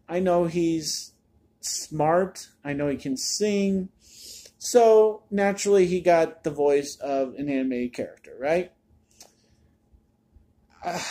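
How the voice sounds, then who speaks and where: A man's voice: on the high side, dark tone. Chatty exasperated man reviewing a movie. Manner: chatty, exasperated, repeats words when restarting. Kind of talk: casual spoken review.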